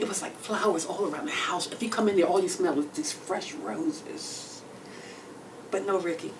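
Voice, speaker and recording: A woman with a Texan accent tells a long comic story on a club stage, her voice dropping to near-whispers and then bursting out loud. She sits a bit back from the microphone, and faint room ambience hums behind her. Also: mid-range voice, far from the mic, a little hiss or hum, poor audio. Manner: animated storytelling with swings between whispers and loud exclamations. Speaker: comedian. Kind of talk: storytelling stand-up solo show.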